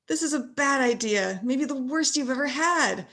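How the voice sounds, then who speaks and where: A woman author reading her graphic novel aloud with expressive character voices. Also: sits high, normal speed, hardly any pauses.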